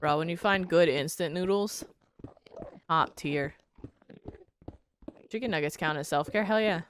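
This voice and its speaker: Low-voiced woman bantering with chat. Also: a little slow, a little hiss or hum. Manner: reading chat aloud and bantering, swears freely. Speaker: streamer. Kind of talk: casual live-stream chat while gaming.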